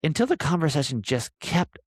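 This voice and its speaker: Rambling, animated man telling a story. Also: on the high side, fairly quick, breathy edge, dry recording, studio quality. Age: 40s. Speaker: podcast host. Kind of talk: casual storytelling chat.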